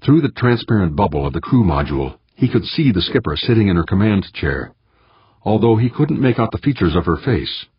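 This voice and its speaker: A man reading an audiobook in a measured, steady manner. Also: lowish voice, breathy edge, no echo, dull audio. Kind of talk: audiobook narration.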